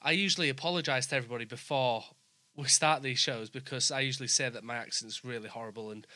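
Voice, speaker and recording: A male host with a blended Yorkshire and Brummie accent, chatting in a casual interview. His voice is crisp and forward, recorded close with no room sound. He talks in bursts, restarting his sentences as he gushes. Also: mid-range voice, bright, forceful tone, dry recording. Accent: mixed Yorkshire and Brummie. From England. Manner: halting, restarts, effusive.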